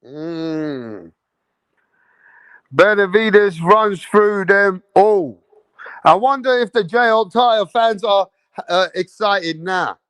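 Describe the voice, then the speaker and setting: A high-pitched man holds forth on a casual live stream, brash and profane, taunting rival fans and leaning on "bro" at the end of his lines. He talks slowly and keeps circling back to the same phrases. The sound is dry and close, with no room around it. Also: a bit bright, clean tone, no room sound. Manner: repeats phrases, peppered with "bro". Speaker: boxing livestream host. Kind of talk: casual live commentary to a chat.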